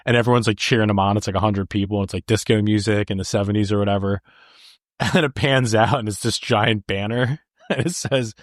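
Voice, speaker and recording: A young man with a low-set voice chats casually on a podcast, laughing often as he retells scenes. He says "like" and "dude" constantly, and the sound is dry and close. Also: fairly quick, dry recording. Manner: laughs often, animated, quotes movie lines. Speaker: podcast co-host. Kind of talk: casual movie chat.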